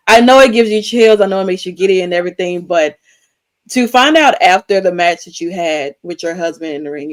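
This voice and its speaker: A podcast co-host with a medium-pitched voice asks questions in a casual interview. Chatty and enthusiastic, with frequent "like" and "I mean".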